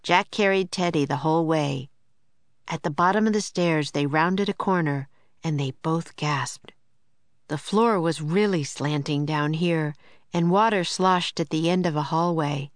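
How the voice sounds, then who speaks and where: A woman narrating a children's story in a measured, clear storytelling manner. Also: low voice, no echo. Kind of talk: audiobook narration.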